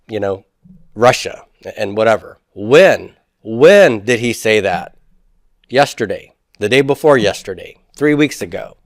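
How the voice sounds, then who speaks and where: A man lecturing on Hebrew grammar in an easygoing, joking way, acting out sample questions as he goes. His voice sits at an ordinary middle pitch for a man. The sound is dry and close, with no room echo. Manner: relaxed, joking, acts out example questions. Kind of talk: classroom lecture.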